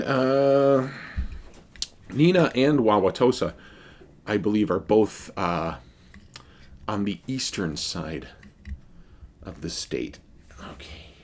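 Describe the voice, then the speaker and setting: A man's voice: lowish voice, animated, takes it slowly, pauses often, a little mellow. A man casually reviewing a beer for his vlog, rambling and wry, with many fillers and restarts.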